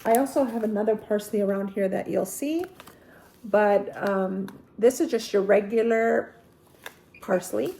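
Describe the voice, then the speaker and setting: Woman, gardening vlogger, gravelly fry, casual rambling chat, lots of ums. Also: mid-range voice, dark tone, slight background noise. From Apulia, Italy. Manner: chatty, rambling, self-correcting with frequent ums. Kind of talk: casual seed-haul show-and-tell.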